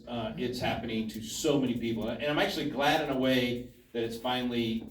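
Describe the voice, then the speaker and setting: A man's voice: medium pitch, a little hiss or hum. A man at a town hall, earnestly giving his view in a political discussion. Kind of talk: political commentary to an audience. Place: town hall meeting room. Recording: echoey hall from a distance.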